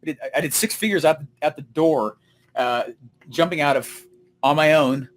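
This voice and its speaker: A man's voice: fairly high pitch, moderate pace. A man hosting a live question-and-answer stream, talking energetically and telling stories with many repeats and fillers. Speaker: host answering viewer questions.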